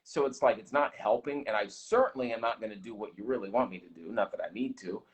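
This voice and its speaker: A man's voice: on the low side, fast. A man talking as a guest on a radio show, earnest and reflective, often restarting his sentences as he explains how he feels. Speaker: guest, host's twin brother. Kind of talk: casual radio chat.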